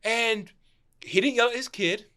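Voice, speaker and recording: A young man who owns a shop, telling stories in a casual chat, animated and laughing, tagging his sentences with "right?". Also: very high-pitched, a little slow. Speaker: store owner, podcast guest.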